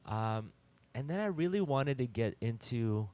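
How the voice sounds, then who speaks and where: Slow-talking man leading a Bible chat. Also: medium pitch, animated, a little mellow, smooth. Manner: slow, conversational teaching with frequent "all right?" check-ins. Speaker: youth group leader. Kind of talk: casual Bible discussion.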